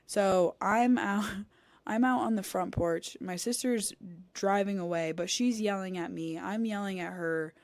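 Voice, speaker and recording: Here the young co-host speaks at a measured pace in a mid-range voice, dry through a studio podcast mic. She tells a story casually, acting out quoted lines with animation and some cussing.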